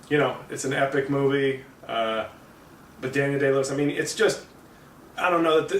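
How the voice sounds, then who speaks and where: Man reviewing a movie in a roomy space. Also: mid-range voice. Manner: rambling, loose, with many fillers and self-corrections. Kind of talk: casual spoken movie review. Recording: roomy, distant mic, faint background noise.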